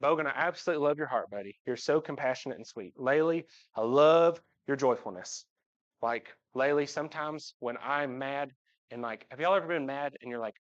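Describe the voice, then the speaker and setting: Heard through dull livestream audio, a man addresses his congregation from the front of the sanctuary, talking about his family in a way that's both funny and sincere. His voice is medium in pitch and he speaks a little fast, in the style of a personal church talk.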